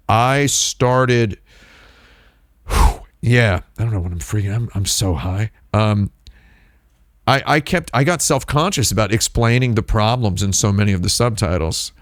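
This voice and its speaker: A man's voice: lowish voice, unhurried, dry recording, clean studio sound. A man hosting a live stream, chatting casually in a rambling, digressive way with lots of restarts. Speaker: livestream host.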